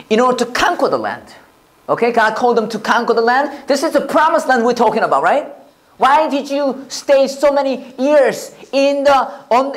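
A pastor with a Korean accent preaching a sermon, animated and often checking with the audience. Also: male voice, extremely high pitch. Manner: animated, repeats and restarts, asks the audience "right?".

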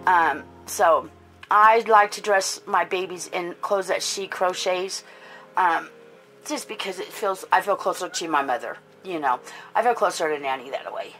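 A woman's voice: on the low side, a little slow, fairly bright tone, soft background music. A woman hosting a casual doll-collecting vlog, gushing and doting as she talks, with many fillers. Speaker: doll collector and channel host. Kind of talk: casual chatty unboxing vlog.

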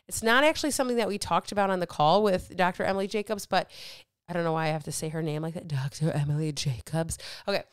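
A weight loss coach hosts her podcast in a casual monologue, motivating listeners bluntly and emphatically, addressing them directly and swearing freely. Her voice is lowish and very fast with a clean tone, recorded dry with clean studio sound.

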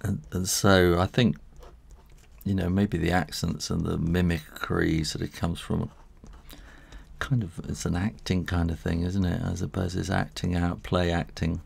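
A man's voice: sits low, little pitch movement, unhurried, gravelly, darkish tone, breathy edge. A man who illustrates books, talking through a live drawing tutorial in a chatty, rambling way with frequent chuckles, working in a studio next to his house. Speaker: illustrator and author.

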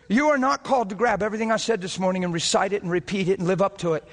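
Male preacher, high-pitched voice, fiery rapid-fire sermon delivery in a church. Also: in a large hall. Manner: impassioned, rapid-fire, climbing to near-shouting peaks.

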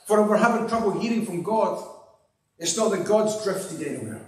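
Scottish pastor preaching in an echoey hall. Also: male voice, high-pitched, lively intonation, moderate pace. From Scotland. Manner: earnest, repetitive preaching cadence; drops to a hushed voice in prayer. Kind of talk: sermon with prayer. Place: church hall. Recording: echoey hall, mic at a distance.

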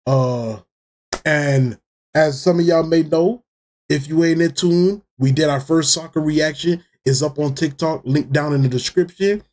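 Unhurried excitable reaction host. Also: male voice, fairly high pitch. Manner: excitable, laughing, swearing freely. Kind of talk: casual reaction commentary.

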